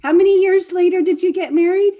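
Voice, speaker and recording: High-voiced woman asking questions. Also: steady tone, fairly quick, mellow, dull audio. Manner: curious, laughs along. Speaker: interviewer, channel host. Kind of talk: interview questions.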